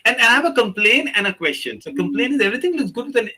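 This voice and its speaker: A man's voice: extremely high pitch, sing-song, rapid-fire, a loud crowd. A man hosting a webinar, joking around and often restarting his sentences. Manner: jokey, stammering restarts. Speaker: webinar host. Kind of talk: casual webinar chat.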